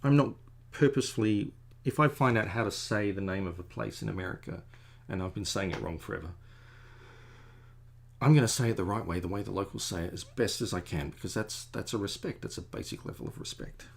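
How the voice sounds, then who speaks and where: Creaky-voiced man rambling while drawing. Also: on the low side, fairly quick. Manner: chatty, digressive, self-deprecating. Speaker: artist drawing a commission.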